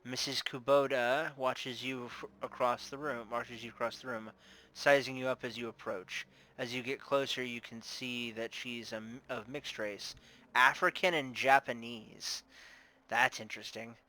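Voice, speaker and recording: A man narrating a tabletop role-playing game with relaxed, self-mocking asides. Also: mid-range voice, a little slow, poor audio. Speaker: game master.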